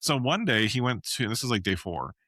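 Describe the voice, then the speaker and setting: Bright-voiced indignant man, blunt talk. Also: mid-range voice, big pitch swings, brisk, no room sound. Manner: blunt, indignant, swears freely. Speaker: podcast co-host. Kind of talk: casual chat.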